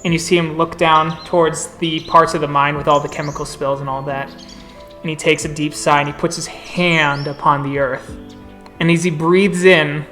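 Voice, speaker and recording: Man, game master, slow descriptive narration, soft background music. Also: a little high.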